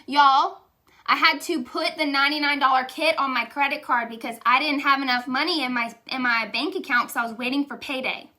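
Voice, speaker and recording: A woman's voice: high-pitched, a little fast, bright, forceful tone. A young woman giving a candid, emotional motivational testimonial, chatty and saying y'all. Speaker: direct sales leader.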